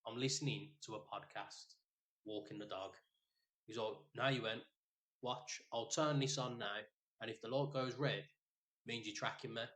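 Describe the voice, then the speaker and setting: A man's voice: medium pitch, normal speed. A man, co-hosting a podcast and telling a rambling, sweary story in casual chat. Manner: rambling, sweary, animated retelling. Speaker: podcast co-host.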